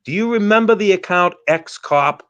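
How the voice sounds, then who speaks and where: A man's voice: high-pitched, normal speed, a bit bright, clean tone, highs cut off. A man hosting a casual online panel, telling a story in an emphatic, profane way. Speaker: live streamer hosting a panel.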